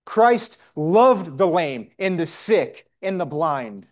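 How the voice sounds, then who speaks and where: A man preaching a sermon in short measured phrases, pausing for his interpreter. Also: a little high, sing-song, a little mellow.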